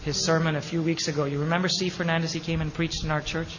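High-voiced impassioned male preacher. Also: level tone, quick pace, a little hiss or hum. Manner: impassioned preaching with sudden loud peaks and hushed drops. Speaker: pastor. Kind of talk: sermon. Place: church sanctuary. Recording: long hall reverb, faint ambience.

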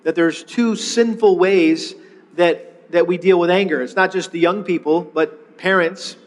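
High-voiced preacher in a reverberant hall. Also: male voice, fairly even intonation, measured pace. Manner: earnest, repeats words when starting phrases. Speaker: pastor. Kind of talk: sermon.

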